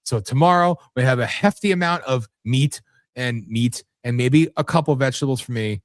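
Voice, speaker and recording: A man's voice: medium pitch, normal speed, dry recording, studio quality. Rambling American man hosting a show. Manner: rambling, cursing, self-deprecating. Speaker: radio show host. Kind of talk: casual late-night chat.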